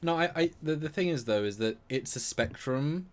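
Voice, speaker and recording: A man's voice: on the high side, animated, normal speed, a little hiss or hum. A man co-hosting a live-stream chat who rambles and repeats words as he thinks aloud. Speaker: co-host.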